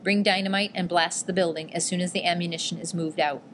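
Lady reading a curt army commander, low-ish voice, short clipped orders. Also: steady tone, fast talker, a little hiss or hum, natural voice. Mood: commanding. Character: stern male military commander barking orders.

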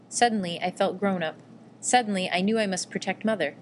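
A woman narrating a first-person memoir in a measured, quietly emotional reading. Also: medium pitch, slight background noise. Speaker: audiobook reader.

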